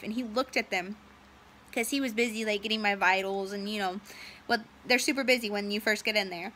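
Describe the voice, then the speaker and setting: A woman's voice: mid-range voice, fairly even intonation, a little fast, sharp tone, a little hiss or hum. A young woman telling a long personal story in a casual, rambling way, full of "um"s and quoted dialogue. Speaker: storyteller recounting a personal medical ordeal.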